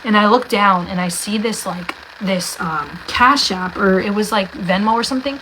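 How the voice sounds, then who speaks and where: A woman's voice: medium pitch, normal speed, pushed and bright, slight background noise, poor audio. A young woman from New Jersey telling a faith testimony in a chatty way, full of "like" and acted-out dialogue. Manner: chatty, lots of "like", acts out dialogue. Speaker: vlogger sharing a faith testimony. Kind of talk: casual storytelling testimony.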